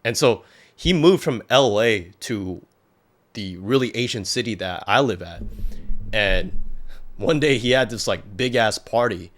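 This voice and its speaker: A young man with a somewhat low voice tells a story from his past as a podcast guest. He talks loosely and rambles, packing his sentences with fillers and false starts. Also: lively intonation, measured pace, a bit bright. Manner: rambling, heavy on filler words and restarts. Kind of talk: casual storytelling.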